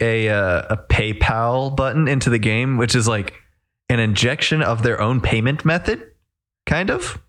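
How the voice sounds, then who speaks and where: A man hosting a casual podcast, playful and quick to laugh, explaining news loosely. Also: mid-range voice, fairly bright tone. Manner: playful, laughs often, exclamations. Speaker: podcast host.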